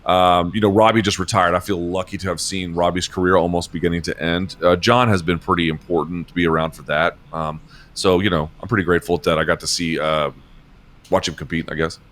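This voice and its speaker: A man in his forties, an interview guest, talking casually on a video call in a rambling, halting way, swearing often. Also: deep voice, steady tone, fairly bright tone. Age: 40s. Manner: rambling, halting, emotional and profane. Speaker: interview guest, MMA journalist.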